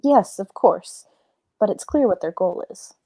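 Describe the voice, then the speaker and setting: A woman voicing a tired but decisive young witch, brisk and commanding, in an amateur read-through of a fan script. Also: medium pitch, animated, dark tone, slightly rough, no echo. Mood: firm.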